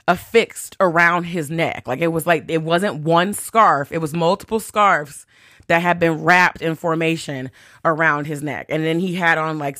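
A New York City podcast host with a low-pitched, fairly bright voice tells a casual story in a chatty, profane style. She leans heavily on "like" and other fillers and acts out quotes, in a dry, studio-quality recording.

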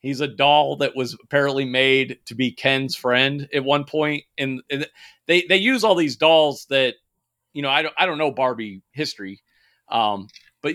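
Bright-voiced man in animated casual chat. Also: mid-range voice. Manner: animated, profane, laughing, many fillers and restarts. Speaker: podcast co-host.

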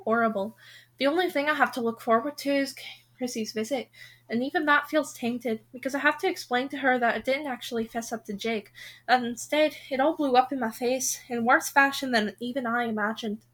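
A woman reading a contemporary novel aloud in the first person, telling it with expression. Her voice is high and bright, with a clear, lively edge. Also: a little fast. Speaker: reader.

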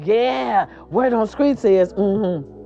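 A woman hosting a casual gossip show, sassy and animated, swearing freely, with a hoarse voice from a sore throat. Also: medium pitch, very slow, lo-fi sound, soft background music. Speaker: host.

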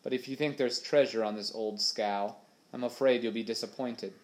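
A man voicing a calm, steady male first mate who speaks firmly and commands his crew. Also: medium pitch, moderate pace, lightly acted.

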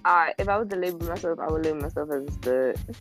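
A woman's voice: deep voice, fast talker, faint music behind. Laid-back slangy D.C. woman, twenties. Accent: Washington, D.C. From Washington, D.C. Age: 20s. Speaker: guest. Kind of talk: casual podcast chat.

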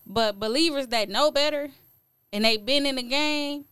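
A woman's voice: sits high, normal speed, a bit bright, no room sound. A woman speaking as a guest in a casual faith discussion, earnest and frank, with light laughs mid-sentence. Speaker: podcast guest.

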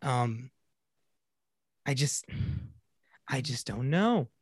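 Male podcast co-host, mid pitch, halting and blunt, dry sound. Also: animated, breathy edge, no echo. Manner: hesitant, frank, swears freely. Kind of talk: casual movie review chat.

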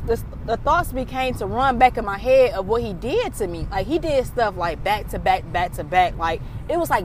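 A woman's voice: on the high side, a little hiss or hum. A young woman, giving an emotional faith testimony in a rambling vlog, with lots of "like". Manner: rambling, fills with "like". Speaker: vlogger.

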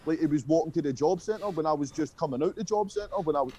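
A man's voice: a little high, fast talker, warm tone, husky. A young Scottish man telling stories from his school days in a casual interview, rambling and swearing, full of fillers. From Scotland. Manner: rambling, profane, with frequent fillers. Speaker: guest musician.

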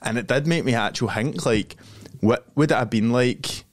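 A man's voice: medium pitch, normal speed, dry recording. A young Glaswegian man co-hosting a podcast in casual chat, swearing freely, laughing often and rambling through anecdotes. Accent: Glaswegian Scottish. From Glasgow, Scotland. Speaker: podcast co-host.

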